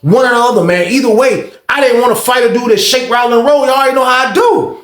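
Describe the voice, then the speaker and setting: Animated slangy man in echoey room. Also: very high-pitched, quick pace. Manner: animated, slangy, addresses listeners directly. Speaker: storyteller. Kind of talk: casual storytelling. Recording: roomy echo.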